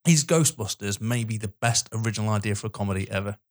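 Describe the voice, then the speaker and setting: A man's voice: fairly low pitch, quick pace. A man co-hosting a casual film podcast, enthusiastic and swearing freely as he retells favourite scenes. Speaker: podcast co-host.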